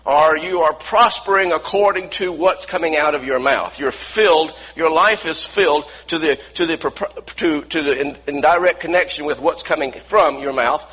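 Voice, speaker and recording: High bright-voiced male preacher. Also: moderate pace, hardly any pauses, breathy edge, dull audio. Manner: earnest, repeats and restarts phrases; asks the congregation to repeat lines. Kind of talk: sermon.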